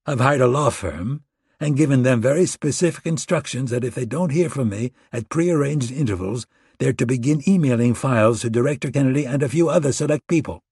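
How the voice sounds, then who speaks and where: A coolly calculating, wounded traitor, as a male narrator voices him, pitched above the narrator's natural voice and husky. He sounds amused and condescending in a dry, close audiobook read. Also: a little fast, a little mellow, no room sound. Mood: smug.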